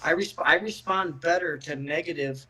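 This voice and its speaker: Middle-aged male podcast guest: slightly high pitch, blunt and profane, restarts his sentences. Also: moderate pace, sharp tone, husky, low-quality recording. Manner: blunt, profane, repeats words when starting sentences. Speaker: guest, MMA fighter. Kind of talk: casual podcast chat.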